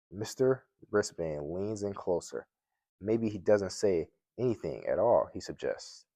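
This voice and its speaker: A man with a very low voice reads a children's chapter book aloud, plain and unhurried, now and then stumbling and restarting a word. The sound is dry and close, with no room echo. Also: darkish tone. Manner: plain reading with occasional slips and restarts. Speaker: mystery guest reader.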